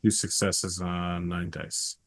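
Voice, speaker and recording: A man's voice: low-pitched, flat delivery, slow, dry recording. A man playing a tabletop game, tossing in playful jokes between moves. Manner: joking, playful asides. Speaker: player.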